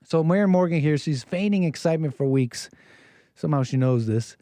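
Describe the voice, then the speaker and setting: A man's voice: on the high side, animated, a little fast, warm tone, no room sound, clean studio sound. Preachy rambling American man. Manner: rambling, repeats phrases, preachy. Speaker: streamer commentator. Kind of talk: solo commentary stream.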